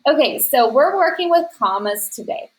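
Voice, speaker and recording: A woman's voice: sits high, expressive, normal speed, rough recording. A woman teacher walking students through a grammar worksheet, explaining patiently step by step and speaking directly to her class. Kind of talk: recorded class lesson.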